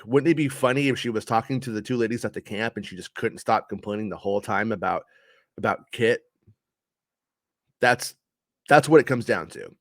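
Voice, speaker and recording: A man's voice: medium pitch, no echo, clean studio sound. A man giving a casual spoken review of a show, frustrated and ranting, swearing often.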